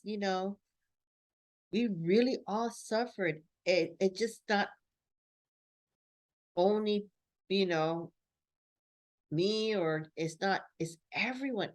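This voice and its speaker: A woman sits outdoors talking to her camera in an unhurried, rambling way, full of "like" and "you know" fillers. She laughs often between thoughts and keeps a middle-pitched voice. Her vlog pace stays slow and easygoing. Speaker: vlogger. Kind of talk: casual reflective vlog monologue. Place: sitting outdoors.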